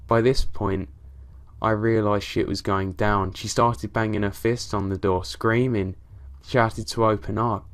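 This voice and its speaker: A man narrating a horror story in a steady, low-key way, with casual swearing.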